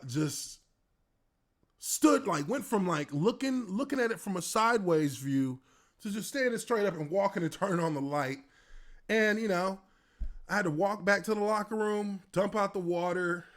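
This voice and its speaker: A former pro football player in his thirties spins a casual story. He is animated, laughs often and acts out the scenes. His voice sits slightly high for a man.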